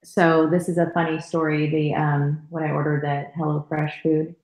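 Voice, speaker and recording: A woman's voice: deep voice, flat delivery, normal speed, a little mellow, reverberant, poor audio. A woman in her thirties co-hosting a live stream, telling a story in a chatty, casual way. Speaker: co-host.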